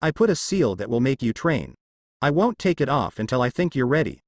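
A man's voice: mid-range voice, big pitch swings, brisk, no room sound. A man voicing a cocky teenage boy ninja in a fan fiction reading, smug and teasing.

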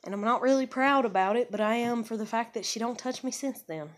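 A woman's voice: a little high, fairly quick. A woman telling personal stories in a casual vlog. She rambles frankly and swears freely, with many fillers and restarts. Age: adult with a child. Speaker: vlogger.

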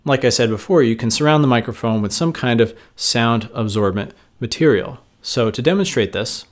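A man teaching how to record a voice, explaining calmly in a closet set up as a recording booth and speaking into a studio microphone. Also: mid-range voice, normal speed, reverberant. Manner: calm, explanatory, demonstrating as he goes. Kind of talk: instructional tutorial.

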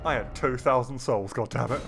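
A man streaming gameplay, excitable and swearing often while chatting to the characters on screen. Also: medium pitch, normal speed, vocal fry, very noisy. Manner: excitable, swears a lot, talks to game characters. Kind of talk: live gameplay commentary.

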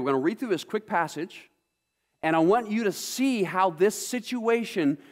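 A male pastor delivering a sermon, reading scripture and asking his congregation emphatic rhetorical questions. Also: a little high. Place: church sanctuary.

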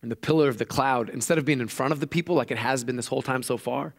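A male pastor giving a lively sermon, retelling a story and acting out the voices of its people. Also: fast talker, gravelly. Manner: animated storytelling, acting out quoted voices with raised pitch. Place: church.

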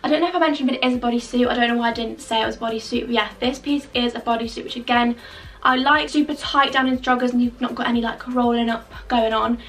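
Bubbly, gravelly young woman. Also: on the high side, steady tone, fast, a bit bright. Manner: bubbly, gushing, chatty with many fillers. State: out of breath. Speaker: fashion vlogger. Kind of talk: casual try-on haul chat. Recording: distant mic with faint background music.

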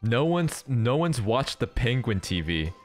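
A man streaming a game and chatting casually, with dry, deadpan jokes. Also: mid-range voice, a little slow, soft background music. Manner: dry, deadpan jokey banter. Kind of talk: casual gaming stream chat.

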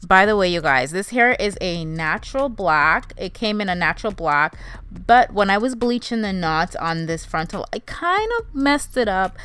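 A woman's voice: mid-range voice, animated, normal speed, fairly bright tone, clear, resonant tone. A young woman narrating a wig tutorial in a casual, chatty way, calling her viewers "you guys" and "honey". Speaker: beauty vlogger.

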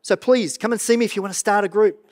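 A middle-aged man preaching a sermon as pastor of a church, earnest and animated, often stumbling and repeating words. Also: high-pitched, quick pace.

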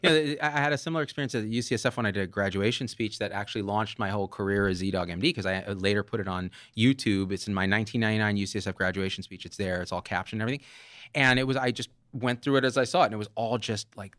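Rich: An excitable man in his forties who launches into profane rants. His pitch leaps up and down as he builds a point, and the voice sits close and dry with no room sound. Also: very fast, dry recording. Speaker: guest physician. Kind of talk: animated podcast conversation.

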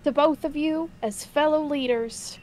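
A woman's voice: high-pitched, unhurried, a little mellow, poor audio. A woman voicing a brusque male commander with a partial Southern US accent. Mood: contrite. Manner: brusque, barking orders. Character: gruff male military commander.

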